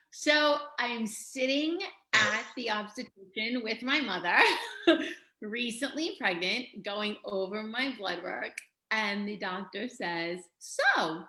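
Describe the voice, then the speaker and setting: A middle-aged woman, a health and life coach, telling her story as a podcast guest in a lively, laughing way. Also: on the high side, slow pace. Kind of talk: casual interview storytelling. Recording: echoey room.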